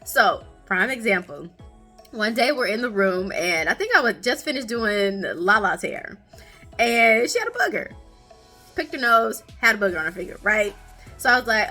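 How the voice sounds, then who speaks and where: A woman's voice: moderate pace, soft background music. A young woman, hosting a podcast about her toddlers, chatting casually and laughing often. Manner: animated, laughing, high playful voices when quoting her kids. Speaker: podcast host, mother of twin toddlers. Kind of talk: casual storytelling chat.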